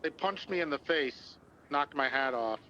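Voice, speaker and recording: A man's voice: on the high side, expressive, normal speed, bright, forceful tone, lo-fi sound, a little hiss or hum. Matter-of-fact man in undercover role-play. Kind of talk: in-character role-play chat.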